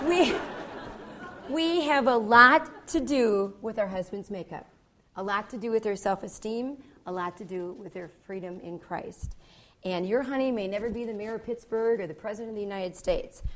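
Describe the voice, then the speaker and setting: A woman's voice: mid-range voice, a bit bright. A woman speaking to married couples at a seminar. She is gregarious and a bit goofy, and she keeps checking in with the audience by asking "okay?". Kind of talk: teaching talk to married couples.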